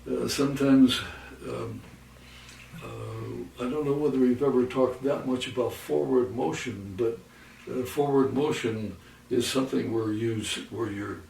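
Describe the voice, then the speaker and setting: A man teaching a guitar lesson, explaining halting with many restarts and counting beats aloud. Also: medium pitch, vocal fry, darkish tone, far from the mic. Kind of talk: lesson with demonstrations. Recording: roomy, from off the mic, faint noise.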